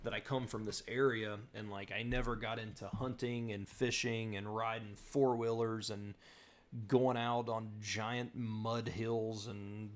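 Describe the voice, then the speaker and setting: Speaking a little slowly in a lowish, flat voice, this young southern Virginian runs a relaxed live stream, reading comments aloud and replying in a filler-heavy ramble. His accent is General American with a faint Southern Virginia touch.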